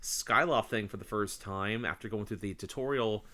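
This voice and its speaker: A man co-hosting a casual podcast, rambling through excited stories and swearing freely. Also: lowish voice, normal speed. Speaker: podcast co-host. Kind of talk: casual chat.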